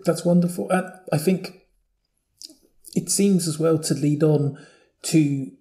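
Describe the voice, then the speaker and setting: Mellow-voiced male podcast host. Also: on the high side. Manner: measured, thoughtful, rephrasing as he goes. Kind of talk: interview questions.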